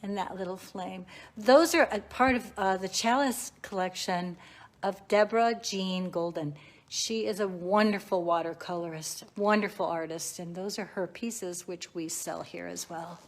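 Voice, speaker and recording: A woman's voice: fairly low pitch, measured pace. A woman giving a leisurely, chatty guided tour inside her small shop, showing off the items on the shelves.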